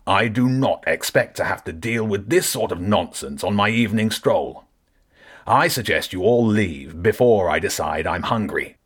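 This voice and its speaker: A man's voice: on the low side, expressive, normal speed, slightly rough. A man voicing a huge grey-furred male creature who roars with haughty indignation. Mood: indignant.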